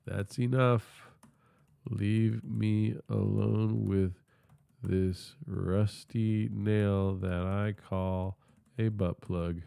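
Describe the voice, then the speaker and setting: A man's voice: lowish voice, dark tone, no room sound. Polite synthetic male assistant voice. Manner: polite, careful, advice-giving. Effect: text-to-speech voice. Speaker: AI chat assistant. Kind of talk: scripted assistant replies.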